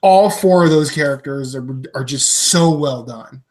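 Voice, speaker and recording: A man's voice: a little high, measured pace. A man guesting on a podcast, chatting casually and playfully. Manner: jokey, playful. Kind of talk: casual chat.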